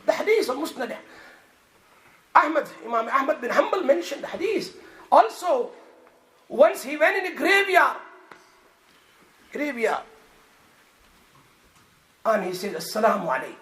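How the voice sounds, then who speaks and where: A man preaching a Friday sermon in a mosque, moving from hushed words to shouts and mixing in Arabic and Hindi-Urdu phrases. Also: very high-pitched, big pitch swings, unhurried, pauses often. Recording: echoey mosque room, faint noise.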